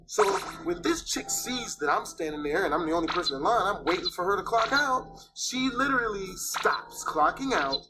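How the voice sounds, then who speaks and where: Male storyteller, lively swooping delivery, profane and animated, loud music underneath. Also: high voice, normal speed, hardly any pauses, rough recording.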